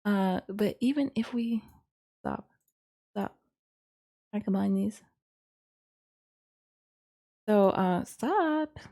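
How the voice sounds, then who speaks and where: A woman's voice: medium pitch, very slow, pauses often, mellow. A woman teaching a casual lesson, thinking aloud in a rambling, hesitant way with frequent ums and self-corrections. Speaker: course instructor.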